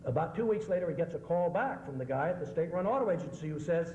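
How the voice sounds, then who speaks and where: A middle-aged American political journalist gives a public lecture in a hall, telling jokes and answering questions conversationally, storytelling toward punchlines. His voice is fairly high, expressive, fast and darkish in tone. The hall is echoey, with faint hiss.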